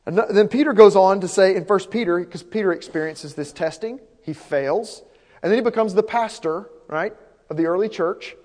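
A man's voice: high voice, normal speed, a little mellow. A man preaching a sermon as pastor, earnest and repeating his key points for emphasis. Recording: long hall reverb.

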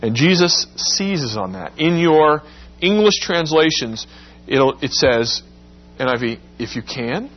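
A man's voice: a little high, animated, slow pace, lo-fi sound. A man preaching a sermon, explaining scripture with everyday examples and acting out the quoted lines. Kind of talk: sermon with Bible exposition.

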